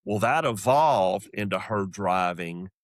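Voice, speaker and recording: A middle-aged Southern man with a low voice and a Southern accent tells a comedy story in a casual, animated way. His voice sounds dry and close, and he slips into quoted voices along the way. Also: slow pace, no room sound. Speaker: comedian guest.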